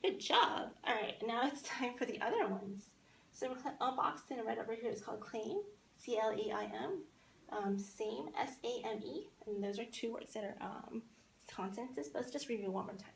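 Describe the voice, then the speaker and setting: A woman giving a classroom poetry lesson, spelling words out and repeating them slowly for young learners. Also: on the high side, vocal fry. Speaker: teacher. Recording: echoey room with faint noise.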